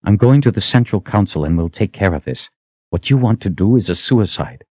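A man voicing a stern, protective woman leader who gives firm, measured orders in an audiobook. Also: on the low side, animated, warm tone, breathy edge, dry recording, pitched above the performer's own voice.

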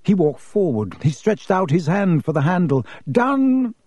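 A man narrating an audiobook in a steady, measured way. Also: fairly high pitch, breathy edge, no room sound.

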